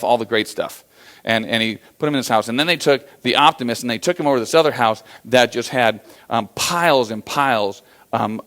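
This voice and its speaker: A man's voice: medium pitch, fairly bright tone. A man giving a live motivational talk to an audience, telling stories in a folksy, conversational way. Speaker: motivational speaker.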